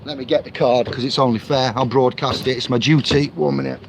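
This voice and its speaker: A man's voice: medium pitch, steady tone, fairly quick. Rambling man vlogging by a busy street. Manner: rambling, many fillers and restarts. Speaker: vlogger reviewing a book. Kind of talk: casual rambling to camera. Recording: muffled lo-fi audio with clear street noise.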